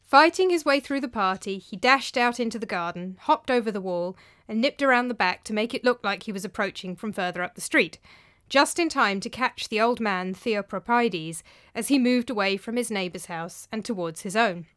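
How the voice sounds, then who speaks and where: A woman's voice: mid-range voice, normal speed, no echo, clean studio sound. A woman narrating a storybook tale expressively. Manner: expressive, animated. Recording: faint background music.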